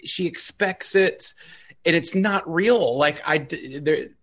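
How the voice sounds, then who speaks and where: A man co-hosting a casual chat, blunt and quick to laugh. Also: a little high, a bit bright. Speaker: podcast co-host. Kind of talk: casual chat about reality TV.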